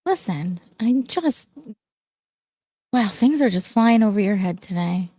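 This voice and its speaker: A woman co-hosting a casual live-stream show, gossiping and teasing her co-host with quick retorts. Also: mid-range voice, expressive, warm tone, slightly rough, no echo. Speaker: podcast co-host.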